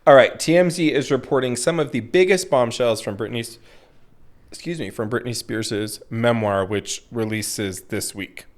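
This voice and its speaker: A man co-hosting a casual podcast, chatting in an animated way and often slipping into playful put-on voices. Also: mid-range voice, normal speed. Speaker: podcast co-host.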